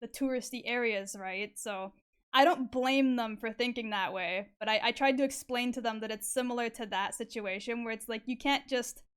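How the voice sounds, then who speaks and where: Young woman streamer, smooth voice, a bit high-pitched, chatty and sweary. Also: normal speed. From Canada. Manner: chatty, filler-heavy, swears, laughs often. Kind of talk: casual chat while drawing on stream.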